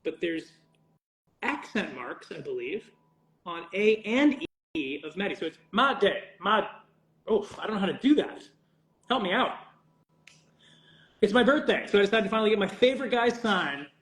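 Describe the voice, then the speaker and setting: Man, fairly high voice, loose rambling livestream chat while signing for fans, joking swears, roomy echo. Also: big pitch swings, moderate pace, pauses often, fairly bright tone. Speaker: voice actor signing autographs for fans.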